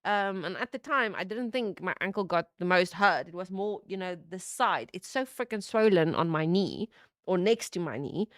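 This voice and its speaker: A woman in her thirties streaming from home, telling a story in an animated way, laughing and swearing. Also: moderate pace, no echo, clean studio sound. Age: 30s. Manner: animated, laughing, swearing, lively pitch jumps. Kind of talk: casual storytelling chat.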